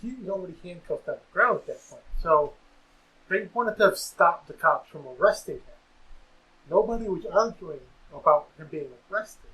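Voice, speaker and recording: A man in a casual podcast discussion, agreeing quickly and then pressing firm counterpoints. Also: high-pitched, lively intonation, a bit bright, low-quality recording. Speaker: podcast co-host.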